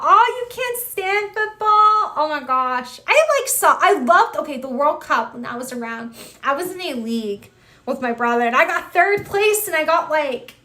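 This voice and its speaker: This is a young woman's high-pitched, slightly bright voice as she hosts a live stream. She casually chats through viewer comments, greeting people by name and exclaiming a lot.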